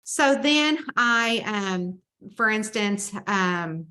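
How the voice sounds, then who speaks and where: A woman from the Southern United States with a Southern American accent, a mystery author telling chatty, animated stories in an interview. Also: mid-range voice, drawn-out words. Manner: chatty, animated storyteller who acts out dialogue. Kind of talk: casual storytelling interview.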